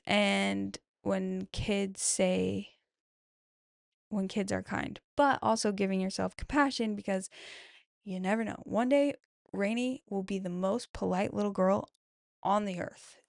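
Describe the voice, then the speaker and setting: A woman's voice: medium pitch, steady tone, a little slow, vocal fry, no room sound, studio quality. A woman, a mom, chatting on her own as she reads out replies from her followers, affirming each one with frequent "I love that" remarks. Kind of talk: casual solo chat.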